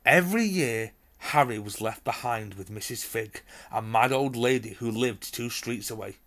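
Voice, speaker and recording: A man reading a children's novel aloud with expressive storytelling. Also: fairly low pitch, normal speed. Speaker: reader. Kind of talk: storybook narration.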